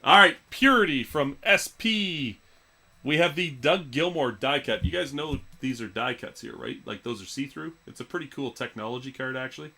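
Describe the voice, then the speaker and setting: A man's voice: mid-range voice, expressive, normal speed, vocal fry, pushed and bright. A man hosting a live sports card auction stream, joking loosely between calls of prices. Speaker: live card break host.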